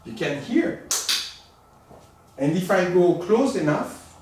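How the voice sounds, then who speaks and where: A man giving a live demonstration lesson as a teacher, animated and coaxing, in a room at home. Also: high-pitched, very noisy. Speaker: echolocation teacher. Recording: very echoey room, far from mic.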